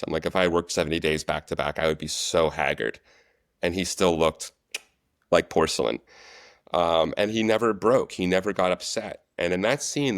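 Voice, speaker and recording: Deep-voiced man, chatty storyteller. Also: dry recording, studio quality. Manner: animated storyteller, relaxed and chatty. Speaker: guest, actor and stunt coordinator. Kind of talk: casual interview chat.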